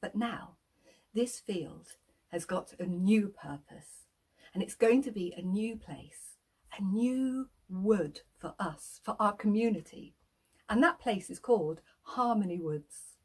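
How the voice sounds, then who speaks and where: A woman's voice: medium pitch, expressive, slow pace, darkish tone, breathy edge. A woman telling a children's story in a playful way, inviting listeners to act along.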